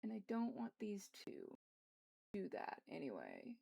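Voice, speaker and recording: A woman's voice: mid-range voice, wildly swooping pitch, a little slow, gravelly, dark tone, slightly rough. Young woman muttering and swearing while drawing. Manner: frustrated muttering to herself, swears often, self-mocking. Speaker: streamer. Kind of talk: casual live-stream chatter while drawing.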